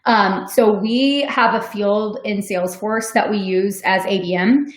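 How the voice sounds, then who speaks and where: A woman's voice: mid-range voice, steady tone, measured pace. A woman answering audience questions in a webinar, talking casually with many ums and likes. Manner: conversational, frequent "um" and "like", laughs easily. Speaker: sales development manager on a webinar. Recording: echoey room.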